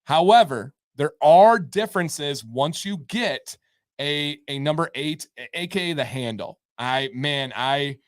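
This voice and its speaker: A man's voice: a little high, expressive, unhurried, no room sound, studio quality. Upbeat man hosting a live advice stream. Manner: upbeat, emphatic, repeats key advice. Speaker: show host giving beard advice.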